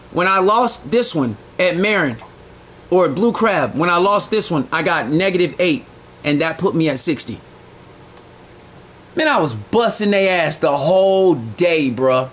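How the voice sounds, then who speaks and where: A man livestreaming a game, chatting casually in a boastful, profane, slangy way that gets loud when excited. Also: on the high side, measured pace. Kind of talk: casual live-stream chat.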